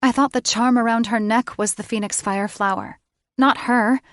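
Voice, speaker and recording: A woman's voice: on the high side, fairly even intonation, moderate pace, no room sound, clean studio sound, pitched above the performer's own voice, natural voice. A woman voicing an anxious young witch in an audiobook, speaking earnestly and pleadingly. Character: young half-blood witch, anxious guardian of a baby.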